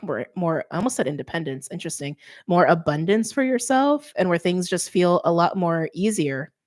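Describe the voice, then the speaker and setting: Middle-aged lady doing a tarot reading, lowish voice, rambly and chatty. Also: darkish tone. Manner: chatty, thinks aloud with many fillers. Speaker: tarot reader.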